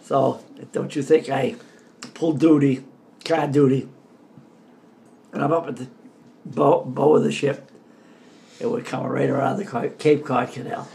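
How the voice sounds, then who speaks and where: An older man from the Boston area telling stories about his army days in a casual, animated way. He laughs often and shouts out the lines he quotes. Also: mid-range voice, unhurried, vocal fry, long pauses, a little hiss or hum. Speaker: veteran telling war stories. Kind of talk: casual storytelling.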